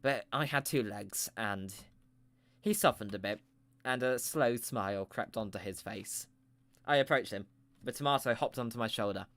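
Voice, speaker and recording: A man's voice: medium pitch, moderate pace, fairly bright tone. A man telling a rambling improvised comic story with playful, self-mocking asides.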